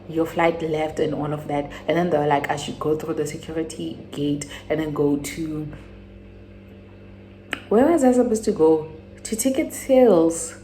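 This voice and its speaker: A young woman from South Africa with a South African accent tells a personal story on her channel. She rambles and restarts, then jumps to high exclamations. Her voice sits fairly low for a woman. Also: a little hiss or hum. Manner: animated, rambling retelling with sudden high exclamations. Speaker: YouTuber. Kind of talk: casual storytime.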